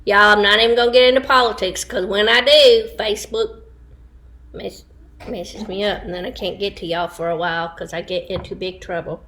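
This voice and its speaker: Chatty, bright-voiced woman. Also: medium pitch, fairly even intonation. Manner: chatty, laughs often, quick asides. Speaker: livestream host. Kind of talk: casual chat to online viewers. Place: home, indoors.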